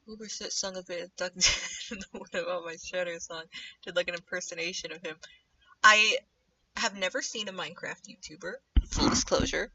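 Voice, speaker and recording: A young woman livestreaming while she animates, chatting casually in a rambling way and drifting into low muttering to herself as she draws. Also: normal speed, pushed and bright, husky, dry recording, recorded from a distance. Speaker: streamer animating live. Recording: dull lo-fi mic set back from the speaker.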